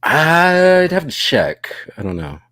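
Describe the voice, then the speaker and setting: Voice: mid-range voice, big pitch swings, slow pace, a bit bright, no echo. A live-stream co-host making dry jokes and laughing often. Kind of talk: casual live-stream chat.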